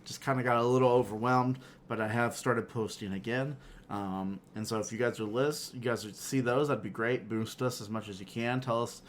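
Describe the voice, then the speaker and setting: A man's voice: mid-range voice, fairly even intonation, normal speed, a little hiss or hum. A man co-hosting a casual podcast chat, steering the talk in a laid-back, agreeable way. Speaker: podcast co-host.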